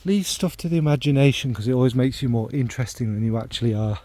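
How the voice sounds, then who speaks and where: On a dry recording, a middle-aged man from the North Midlands talks fast in a mellow, mid-range voice. He's a fragrance vlogger chatting casually about scents, rambling and self-deprecating, with lots of ums and asides.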